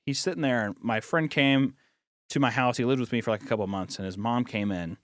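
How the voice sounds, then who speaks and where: A man's voice: medium pitch, quick pace, no room sound, clean studio sound. A young man co-hosting a casual podcast chat, rambling with lots of fillers and bursting into laughter. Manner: rambling, filler-heavy, animated laughing outbursts. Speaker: podcast co-host.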